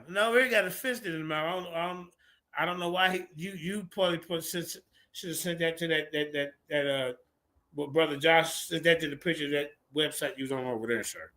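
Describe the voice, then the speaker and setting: Brash trash-talking man, high edgy voice, on a video call. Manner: loud, crude, taunting. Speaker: debater and stream commentator. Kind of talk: mocking live commentary.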